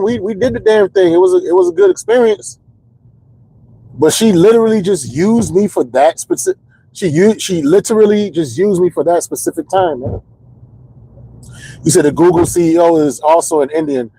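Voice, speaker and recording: A man's voice: sits high, mellow, slightly rough, poor audio. A stand-up comedian telling candid, rambling comedic stories in casual chat, repeating words as he builds the jokes.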